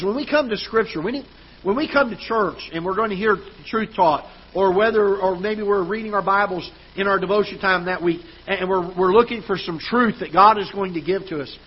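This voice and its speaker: A man's voice: high voice, breathy edge, highs cut off. A man preaching a sermon as pastor, earnest, often restarting and repeating words. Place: church auditorium.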